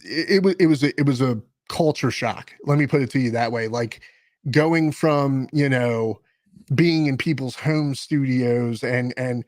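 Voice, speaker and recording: A man's voice: medium pitch, a little slow, darkish tone, no room sound. A man chatting as a guest in an interview, rambling with frequent restarts and self-corrections. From Maryland. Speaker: guest musician and podcast host. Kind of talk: casual interview talk.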